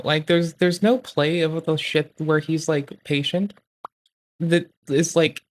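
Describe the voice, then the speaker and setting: A streamer reacting to a clip live, rambling and swearing with many fillers. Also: mid-range voice. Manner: rambling, profane, lots of fillers.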